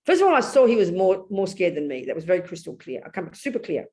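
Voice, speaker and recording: Animated older English woman teaching. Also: fairly low pitch, quick pace. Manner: blunt, animated storytelling with sudden loud outbursts. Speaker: Buddhist nun teacher. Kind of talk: Dharma talk.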